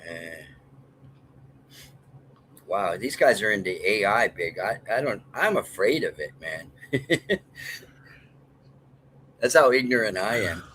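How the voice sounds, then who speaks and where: A man's voice: on the low side, lively intonation, slow, long pauses, sharp tone, a little hiss or hum, poor audio. Rambling, jokey older man guest. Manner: rambling, jokey storyteller who laughs often. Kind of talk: casual livestream chat.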